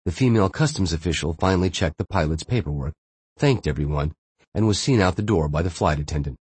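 A man narrating a thriller audiobook in a steady, measured way. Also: low voice, husky, no echo.

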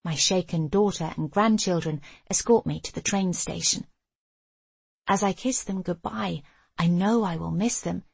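Low gravelly older woman narrating. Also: darkish tone, no room sound. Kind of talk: audiobook memoir narration.

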